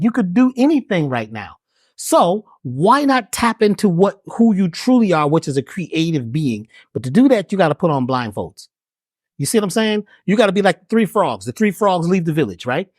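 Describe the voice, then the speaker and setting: A man's voice: on the high side, very animated, normal speed, a little mellow, dry recording, clean studio sound. A man preaching a folksy parable. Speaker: guest. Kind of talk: conversational storytelling.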